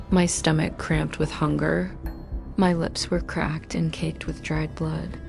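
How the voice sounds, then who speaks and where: A woman's voice: low voice, vocal fry. A woman narrating a first-person story in tense, clipped short sentences. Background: music.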